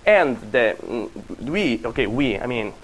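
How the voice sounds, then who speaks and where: A man's voice: mid-range voice, big pitch swings, slight background noise, poor audio. Man lecturing a class. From Italy. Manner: halting, with frequent restarts and fillers.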